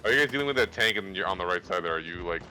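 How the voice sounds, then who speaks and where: A man's voice: sits low, expressive, very fast, music in the background, low-quality recording. A man making wry, coarse quips and giving game calls in a casual gaming voice chat. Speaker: gamer in group voice chat. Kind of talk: casual banter.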